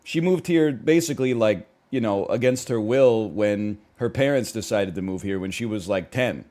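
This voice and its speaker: A man's voice: on the low side, normal speed, darkish tone. A man in his thirties from Canada, a streamer ranting in casual chat with sarcastic, mock-outraged asides.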